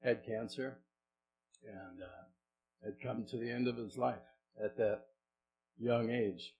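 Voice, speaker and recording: A middle-aged man, a pastor, preaching a sermon in a conversational way, asking the congregation questions and moving between soft and loud delivery. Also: mid-range voice, fairly even intonation, slow pace, background noise.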